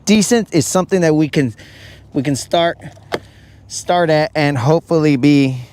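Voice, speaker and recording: A man's voice: fairly high pitch, moderate pace, a little mellow. A man chatting and joking with his live viewers while fishing from a boat on a lake. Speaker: fishing livestreamer. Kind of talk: casual live-stream chat.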